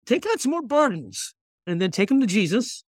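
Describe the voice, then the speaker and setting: A man who is a guest author, chatting earnestly on a faith podcast and reading scripture slowly. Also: high-pitched, very animated, no echo, clean studio sound. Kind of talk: casual faith podcast chat.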